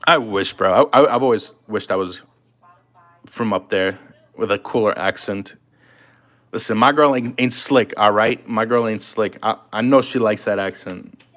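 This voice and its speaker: A man's voice: on the low side, normal speed, a bit bright. A man chatting casually on a live stream, loose and talkative, answering comments while he works. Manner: loose and chatty, talking to chat while drawing.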